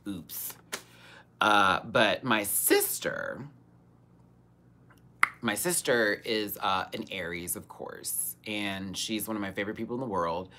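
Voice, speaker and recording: The young host of a live Q&A show tells a casual story on her livestream, sassy and profane, dramatic and prone to bursts of laughter. Her rumbling low voice is slow and pushed and bright, with long pauses, over slight background noise.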